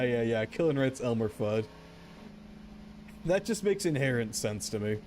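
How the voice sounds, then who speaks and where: A man's voice: mid-range voice, darkish tone, slight background noise. A man streaming a game, rambling and joking back and forth with his chat. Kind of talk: casual gameplay commentary.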